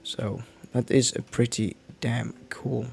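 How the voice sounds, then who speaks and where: A man talks his way through a game stream in a loose, rambling way. He trails off, restarts sentences and mutters to himself while he plays, at a middling pitch. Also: steady tone, slow, creaky, darkish tone. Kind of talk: casual gameplay commentary.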